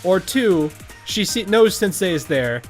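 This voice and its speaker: Male game streamer, casual chat, stumbling, lively pitch, faint music. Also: measured pace. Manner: chatty, stumbling over words. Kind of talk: casual gameplay commentary.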